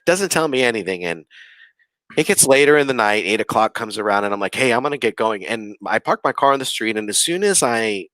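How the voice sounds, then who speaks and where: This man's voice sits on the low side, brisk and fairly bright with lively intonation, in a dry recording. He's a podcast guest casually narrating a ghost encounter, rambling through frequent "like" and "you know" fillers while acting out lines of dialogue.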